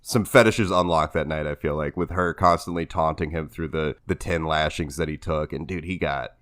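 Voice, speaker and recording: A man's voice: very deep voice, moderate pace, a bit bright, dry recording. A man co-hosting a podcast, riffing with crude humor and retelling a match. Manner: crude humor, says dude. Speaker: podcast co-host. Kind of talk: casual podcast banter.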